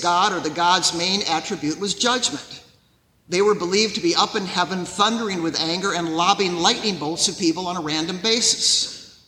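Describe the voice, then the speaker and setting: A man preaching a sermon as pastor, in a measured storytelling way. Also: high voice, pushed and bright, echoey room, in a large hall, low-quality recording.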